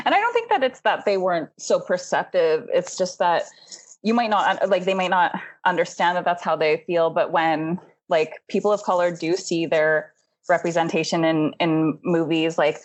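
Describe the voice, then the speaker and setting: A woman's voice: on the low side, moderate pace. A young adult woman co-hosting a podcast in casual chat, rambling and filling her talk with "like.". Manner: rambling, says "like" constantly, laughs often. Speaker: podcast co-host.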